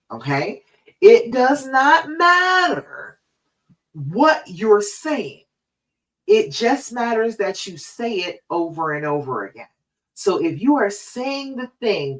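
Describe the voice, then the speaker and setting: A woman's voice: mid-range voice, distant mic, poor audio. Encouraging woman coach, a bit off-mic. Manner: encouraging, repeats "okay?" and "all right?". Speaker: love coach, host of a live show. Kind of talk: live-stream coaching talk.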